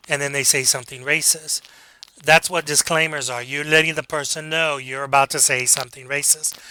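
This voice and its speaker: A college speech instructor teaches his class in a direct, coaching manner, tossing out rhetorical questions in this recorded lecture. His voice is a little high, pushed, bright, and smooth, with fairly even intonation and a fairly quick pace.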